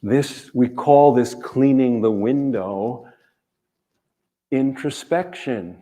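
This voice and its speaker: A man, an author, speaking to an audience in a measured, earnest way, telling stories and repeating key phrases. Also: medium pitch, mellow. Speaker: author giving a reading and talk. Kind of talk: reflective storytelling talk to an audience.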